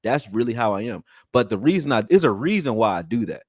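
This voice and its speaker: A man hosting a casual sports talk show, talking in slang and swinging from loud high exclamations to low mutters. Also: very animated, a little fast, no echo, clean studio sound. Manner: slangy, conversational.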